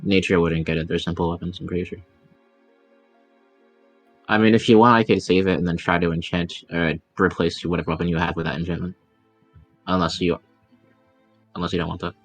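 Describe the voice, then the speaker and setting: A man's voice: sits low, level tone, a little fast, pauses often, faint music behind. A man playing a tabletop game, chatting casually and thinking aloud with fillers. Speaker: player.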